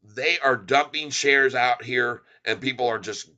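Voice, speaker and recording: A middle-aged man hosting a live stock market stream, calling out share counts and prices in an excited, rapid patter. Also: medium pitch, muffled recording. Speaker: stock market livestream host. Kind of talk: live stock-ticker commentary.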